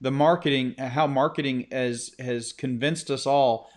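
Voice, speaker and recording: A man's voice: mid-range voice, steady tone, measured pace. A man hosting a casual live-stream chat, speaking emphatically with firm opinions. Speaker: host.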